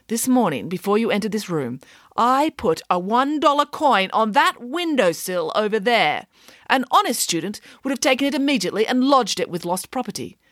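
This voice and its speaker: A woman voicing a pompous, ranting male vice principal who punches out his words loudly. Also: on the high side, very animated, moderate pace, dry recording, clean studio sound, pitched above the performer's own voice. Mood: blustering. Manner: loud, punchy, indignant.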